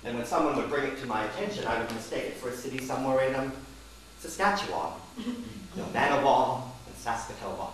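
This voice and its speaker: A middle-aged man tells a wry, theatrical story as a stage monologue, pitched in a middle register. He is picked up from a distance in a very echoey hall, with faint ambience underneath. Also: lively intonation, brisk, a little hiss or hum. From Canada. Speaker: performer. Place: performance space.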